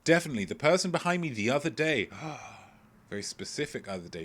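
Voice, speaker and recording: A man's voice: mid-range voice, big pitch swings, fairly quick. A man hosting a live-streamed quiz from home, reading out chat messages with playful, rambling asides. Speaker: quiz host. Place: at home, indoors.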